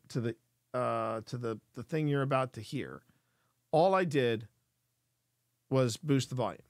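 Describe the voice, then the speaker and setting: A man's voice: medium pitch, no echo, clean studio sound. Earnest man hosting a live stream. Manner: earnest, explaining at length to chat. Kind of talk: casual live-stream commentary.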